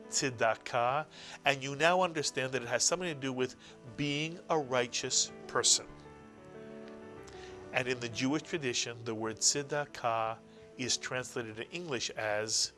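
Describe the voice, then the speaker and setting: A man's voice: medium pitch, bright, forceful tone. Patient man teaching a language lesson. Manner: patient, explains slowly, repeats key words. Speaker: Hebrew teacher. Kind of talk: classroom-style language lesson.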